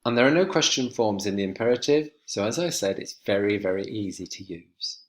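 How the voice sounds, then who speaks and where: A man teaching an English grammar lesson to students, clear and emphatic as he speaks to them directly. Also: fairly low pitch, lively intonation, brisk.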